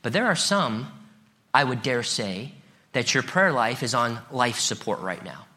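A middle-aged man preaches a sermon in a bright, forceful voice. He moves between relaxed, conversational asides and rising, emphatic peaks. He also reads scripture aloud to the congregation. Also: mid-range voice, measured pace. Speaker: pastor.

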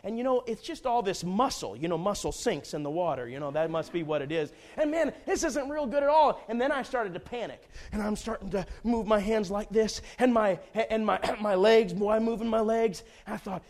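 A man preaching a sermon, telling a folksy, humorous personal story in an animated way. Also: high-pitched, fairly quick, hardly any pauses.

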